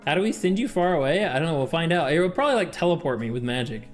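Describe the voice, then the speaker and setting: Playful higher-voiced male streamer. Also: very animated, very fast, soft background music. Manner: playful, laughs often, reads game text aloud. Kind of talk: casual livestream chat while playing a game with chat.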